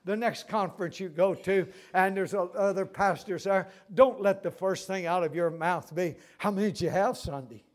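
A man's voice: high-pitched, normal speed, few pauses. An older man preaching a sermon, telling stories and repeating phrases for emphasis.

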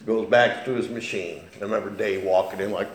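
A man preaching a sermon as pastor, telling folksy stories with an animated delivery. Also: lowish voice, fairly quick, heavy background noise. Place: church sanctuary. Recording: very echoey church hall.

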